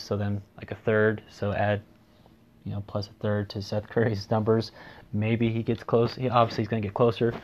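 A man's voice: lowish voice, darkish tone. A man hosting a solo sports podcast, talking casually and rambling, with dry sarcasm. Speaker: podcast host.

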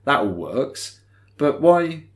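A man's voice: on the high side, big pitch swings, slow. A man co-hosting a podcast, chatting casually as he recaps a film scene by scene. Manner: chatty, retells scenes in quoted voices. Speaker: podcast co-host. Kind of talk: casual film-review chat.

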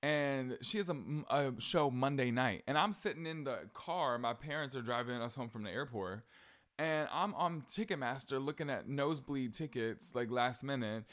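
A man's voice: medium pitch, moderate pace, fairly bright tone. A man hosting a casual pop culture podcast, gushing and rambling, swearing freely as he talks. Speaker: podcast host.

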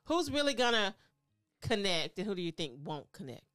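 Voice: mid-range voice, normal speed, no room sound, soft background music. Chatty podcast co-host in a dry recording. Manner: chatty, quotes others in animated bursts. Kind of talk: casual chat recapping reality TV.

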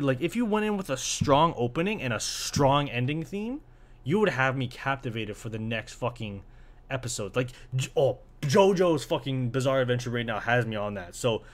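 A man talking casually and excitedly in a loose, rambling monologue, swearing freely, recorded in his apartment by a window. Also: medium pitch.

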